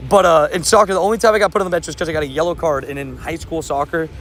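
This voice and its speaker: Animated young man telling stories on stream. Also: on the high side, rapid-fire, a little hiss or hum. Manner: animated, laughing, repeats words. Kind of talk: casual livestream storytelling.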